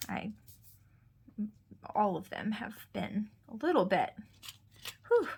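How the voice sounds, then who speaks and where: A woman's voice: mid-range voice, sing-song, slow pace, gravelly, a little mellow, husky. A woman in her thirties, a mother chatting casually and rambling to her viewers as she vlogs. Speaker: vlogger. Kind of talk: casual chat.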